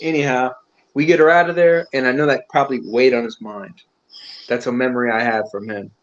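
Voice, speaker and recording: A man telling army stories to old friends in a casual chat, profane and animated, acting out what others said. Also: mid-range voice, a little fast, muffled recording. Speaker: army veteran reminiscing. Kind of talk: casual storytelling among friends.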